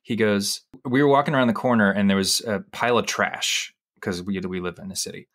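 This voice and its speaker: Low-voiced man hosting a podcast. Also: fairly quick, a bit bright. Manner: chatty, storytelling, joking. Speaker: podcast host. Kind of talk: casual chat.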